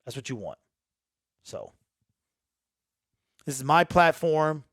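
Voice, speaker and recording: A man's voice: on the high side, very animated, slow, a bit bright, dry recording, clean studio sound. Emphatic man in an earnest sports monologue. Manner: emphatic, repetitive, earnest and emotional. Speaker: host of a sports talk channel. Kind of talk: raw unedited monologue to camera.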